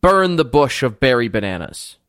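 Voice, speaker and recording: A man's voice: mid-range voice, very animated, normal speed, a bit bright, no echo, clean studio sound. A man voicing a petulant, menacing male captor who threatens to turn people into soup. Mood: scheming. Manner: childish, stubborn, menacing.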